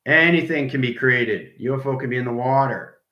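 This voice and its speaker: His mid-range voice sounds sharp and brisk, though the audio is dull and the room echoes. As an online spiritual teacher, he rambles enthusiastically on his livestream, repeating himself and drifting into whispers at times.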